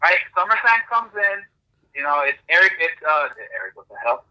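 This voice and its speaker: A man hosting a podcast, telling an animated story in casual chat with lots of fillers. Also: fairly high pitch, a little fast, dull audio. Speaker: podcast host.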